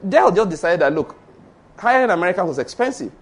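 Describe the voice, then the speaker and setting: Animated Nigerian pastor with a Yoruba accent. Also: male voice, high voice, fast talker. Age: middle-aged. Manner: animated storytelling, acts out dialogue, rhetorical questions. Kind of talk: sermon.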